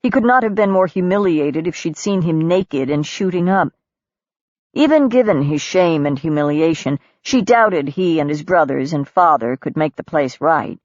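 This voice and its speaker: Low-voiced woman narrating an audiobook. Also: lively intonation, normal speed, darkish tone, dry recording. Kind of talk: scripted narration. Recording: dull lo-fi audiobook recording.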